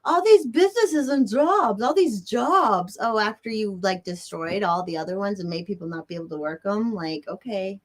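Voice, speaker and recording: A woman talks straight to her stream audience, swearing freely and breaking into quick rants. Her voice sits at an ordinary middle pitch for a woman. She keeps it loose and chatty as she answers viewers' comments. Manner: excitable and profane, ranting with nervous laughs. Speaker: livestream host. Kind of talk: casual livestream chat reading viewers' comments. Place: indoors near a bright window.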